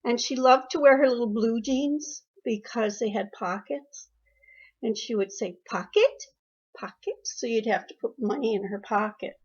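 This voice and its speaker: Slightly rough and on the high side, this older woman's voice moves at a moderate pace as she reminisces about her daughter in an interview. She tells family stories fondly and emotionally, repeating phrases along the way, on a dull lo-fi recording.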